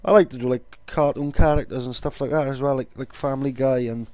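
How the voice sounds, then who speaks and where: A man's voice: mid-range voice, fairly even intonation, brisk, warm tone, no echo. A young man chatting casually and rambling on, swearing now and then. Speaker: vlogger. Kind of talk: casual vlog talk.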